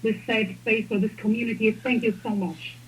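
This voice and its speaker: A woman's voice: a little high, steady tone, normal speed, rough recording. A woman calling in to a radio show, talking hesitantly and gratefully with many restarts. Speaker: caller.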